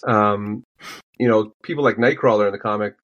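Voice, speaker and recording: A man's voice: lowish voice, fairly bright tone, highs cut off. A man co-hosting a podcast, rambling eagerly about comics and acting out characters' lines as he goes. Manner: fast, rambling, acts out comic-book quotes. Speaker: podcast co-host. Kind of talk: casual chat.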